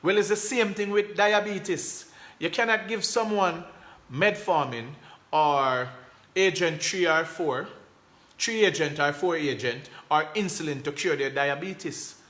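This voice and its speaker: A man's voice: on the high side, measured pace, fairly bright tone. A man with a Jamaican accent hosting a casual live stream, talking emphatically in patois phrasing and reading out viewer comments. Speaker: host.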